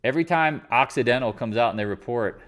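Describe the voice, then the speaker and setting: A man's voice: medium pitch, fast, fairly bright tone. A man hosting a live market stream from his living room, ranting sarcastically and mocking others in put-on voices. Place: living room home office.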